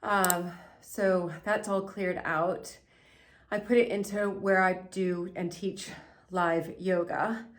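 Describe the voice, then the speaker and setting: A woman's voice: fairly low pitch, steady tone, slow pace. Emotional American woman filming a vlog. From United States. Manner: emotional, rambling, apologetic. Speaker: host. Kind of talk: casual vlog narration. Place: indoor cellar. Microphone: handheld camera she is filming with.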